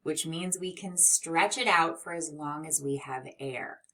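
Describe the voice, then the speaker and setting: A woman teaching a children's phonics lesson, gentle and encouraging, who sounds out and stretches letter sounds. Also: low-pitched, unhurried, distant mic.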